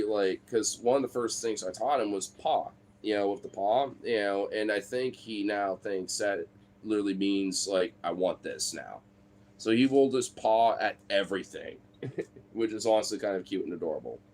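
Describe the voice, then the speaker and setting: Rambling low-voiced young man. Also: normal speed. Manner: rambling, heavy on filler words and swearing; switches into a high excited baby-talk voice for his dog. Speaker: streamer. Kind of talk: casual chat.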